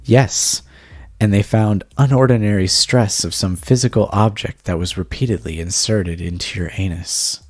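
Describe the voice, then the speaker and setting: A man's voice: lowish voice, moderate pace, no echo, studio quality, lightly acted. A man voicing a doting, possessive young wife while reading a text game aloud, in a plain, lightly acted tone. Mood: sweetly possessive.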